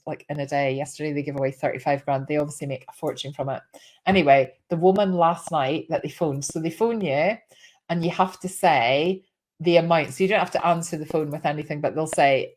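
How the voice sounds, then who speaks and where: Scottish woman chatting about her small business, fairly low voice, lots of acted-out quotes. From Scotland. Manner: chatty, animated storyteller, acts out quoted voices. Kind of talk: casual advice monologue.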